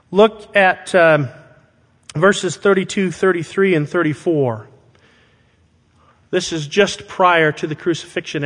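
A man preaching a sermon to his congregation, speaking deliberately and with emphasis and asking rhetorical questions. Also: high-pitched, fairly bright tone. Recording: long hall reverb.

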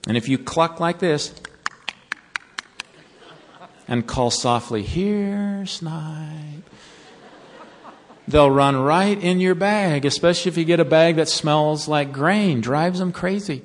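A man's voice: on the high side, moderate pace, hardly any pauses, voice pushed up, natural voice. A man doing a sly folksy old uncle. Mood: coaxing. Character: folksy older male uncle, sly prankster. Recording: long reverb of a large hall.

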